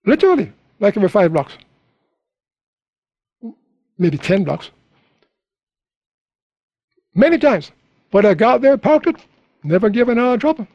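High-voiced preacher, dry sound. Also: male voice, very animated, measured pace, pauses often, no echo, highs cut off. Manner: storytelling preacher, rising to high emphatic peaks. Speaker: pastor. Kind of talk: sermon.

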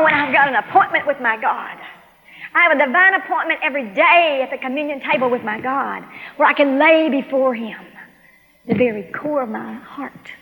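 A woman with a fairly high, bright voice preaches her testimony, playing out each side of the dialogue with lively expression. Her voice rings out with a long hall reverb around it. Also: fairly quick. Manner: animated storytelling, acts out both sides of dialogue. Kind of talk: sermon testimony.

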